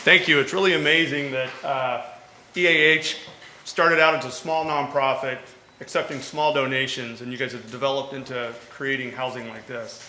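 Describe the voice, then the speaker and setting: 군중 소음이 뚜렷한 울리는 곳에서 인증서를 수여하는 남자. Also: male voice, mid-range voice, fairly even intonation, normal speed, pushed and bright. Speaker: congressman's representative. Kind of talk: presenting a certificate. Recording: echoey event with crowd and noise.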